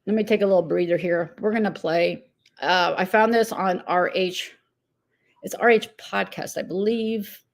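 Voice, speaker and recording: A woman's voice: mid-range voice, steady tone, normal speed. A woman hosting a commentary talk, exasperated and incredulous, speaking straight to the person she criticizes. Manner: irritated, incredulous, addresses target directly. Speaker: commentary host.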